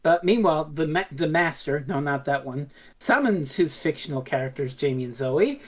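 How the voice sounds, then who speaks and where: A woman co-hosting a casual review podcast, retelling scenes and acting out lines in quick voices. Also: low voice, expressive. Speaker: podcast co-host.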